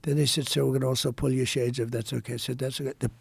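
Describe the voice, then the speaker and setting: Gravelly older man, rambling storyteller. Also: mid-range voice, level tone, very fast, dry recording. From United States. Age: 70s. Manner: rambling, repetitive, heavy on superlatives. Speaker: podcast guest. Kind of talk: casual storytelling in a podcast interview.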